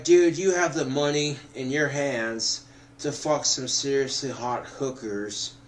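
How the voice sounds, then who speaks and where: A drunk man rambling to the camera, swearing often and breaking into loud outbursts. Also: medium pitch. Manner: profane, swings into loud outbursts.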